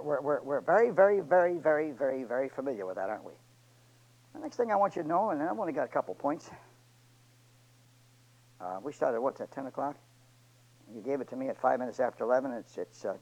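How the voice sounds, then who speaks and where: A man preaching a sermon in church, swinging from loud shouts to near whispers, with joking asides to the congregation. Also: medium pitch, lively intonation, a little fast, muffled recording. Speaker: pastor. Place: church sanctuary.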